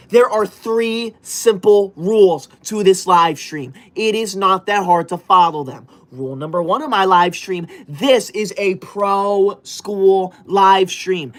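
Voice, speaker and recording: A high-voiced man on a livestream plays a strict teacher, bossily and indignantly reading viewers' comments out loud at full volume.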